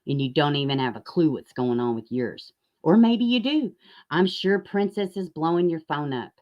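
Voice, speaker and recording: A woman hosting a profane, sarcastic commentary rant, jumping from loud outbursts to mocking near-whispers. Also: deep voice, expressive, moderate pace. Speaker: YouTube commentary host. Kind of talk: ranting commentary.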